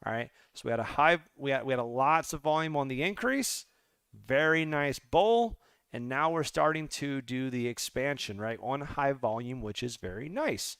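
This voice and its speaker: Smooth excitable man talking charts. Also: medium pitch, moderate pace, no echo. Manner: excitable, rambling, talks straight to viewers. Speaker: crypto trader and channel host. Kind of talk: live chart analysis.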